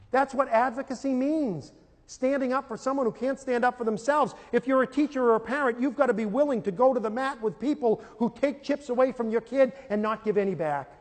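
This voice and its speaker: Man, middle-aged, high voice, live lecture, animated storyteller, acts out scenes, long hall reverb. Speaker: speaker on parenting and teaching.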